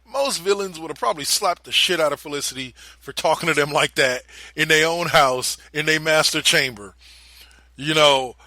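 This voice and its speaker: A young man co-hosting a podcast, retelling a TV scene in casual, animated chat and swearing freely. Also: on the high side, moderate pace, no echo. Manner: animated storyteller, swears freely, drops into quoted voices. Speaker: podcast co-host.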